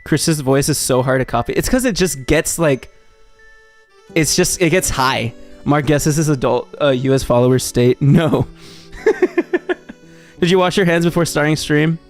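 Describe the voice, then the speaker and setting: A man's voice: fairly high pitch, moderate pace, soft background music. A young man from Texas streaming live, chatting loosely and reading viewer messages, rambling with lots of fillers and restarts.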